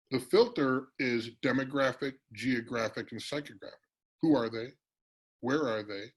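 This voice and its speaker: Man presenting business workshop, husky voice, energetic, teasing, virtual meeting. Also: mid-range voice, poor audio. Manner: energetic, teasing, calls on audience members.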